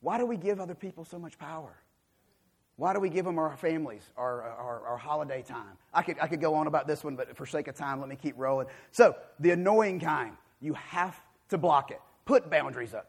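A man, preaching a sermon. He swings from loud, emphatic calls to quiet, low passages. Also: lively intonation, brisk, breathy edge.

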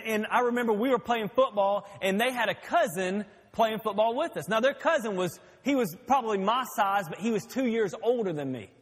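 A pastor delivering a sermon, a man who slips easily into folksy stories. His voice sits high and carries a husky edge. Each phrase trails off into the long reverb of a church hall. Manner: folksy storytelling.

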